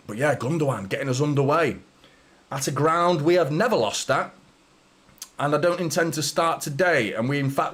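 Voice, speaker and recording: A young man hosting a live football watchalong, chatting with viewers and reacting to the match with excitement and swearing. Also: medium pitch.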